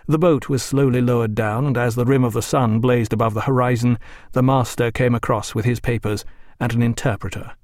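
A man reading a novel aloud as audiobook narrator, measured and even. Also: mid-range voice, no room sound, studio quality. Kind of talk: scripted narration.

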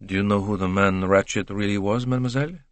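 A man voicing a shrewd, probing older male detective who questions slowly and deliberately. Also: on the low side, steady tone, no room sound, natural voice.

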